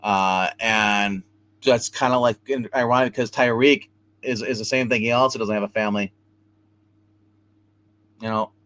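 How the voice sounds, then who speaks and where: A man hosting a live comic book review stream, retelling a story in a casual, animated way and acting out the characters' lines. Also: on the low side, normal speed, long pauses.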